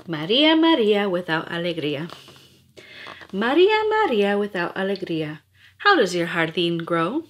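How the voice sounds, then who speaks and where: A woman's voice: lowish voice, sing-song, normal speed. A woman reading nursery rhymes aloud in a playful, rhythmic, sing-song way. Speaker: storyteller.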